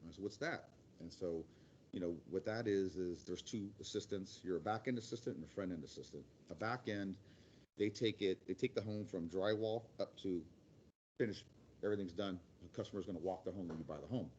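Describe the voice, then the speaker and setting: A man's voice: sits low, fairly quick, darkish tone, highs cut off, slight background noise. A middle-aged man giving a casual career talk as a guest speaker, rambling and acting out quotes in other voices.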